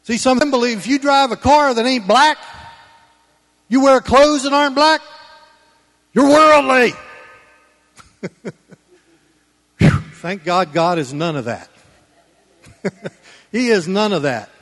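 A man preaching a Sunday sermon in church, folksy and conversational, swinging between loud emphatic lines and quiet low asides. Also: slow pace, long pauses, big-room sound. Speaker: pastor.

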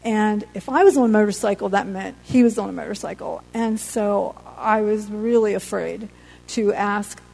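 Woman, earnest faith testimony, halting and heartfelt, warm mellow tone. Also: medium pitch, creaky, rough recording. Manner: earnest, halting, emotional storytelling. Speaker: accident survivor giving testimony.

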